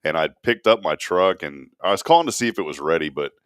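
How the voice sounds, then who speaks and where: Man, middle-aged, storytelling co-host, swooping pitch, dry studio sound. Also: fast talker, clean tone, dry recording. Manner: animated storyteller, laughs often. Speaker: radio show co-host. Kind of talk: casual chat.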